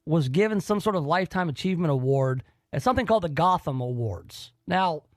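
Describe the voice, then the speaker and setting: A man's voice: on the high side, lively intonation, a little fast, no echo, clean studio sound. A man hosting a radio talk show, talking in an enthusiastic, rambling way. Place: radio studio.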